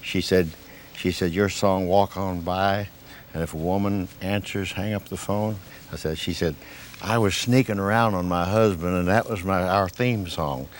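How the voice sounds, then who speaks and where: A man singing country songs on stage and telling a folksy anecdote in a slow, easy manner. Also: low-pitched, slight background noise. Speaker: country singer. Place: concert hall stage. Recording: echoey stage with loud band.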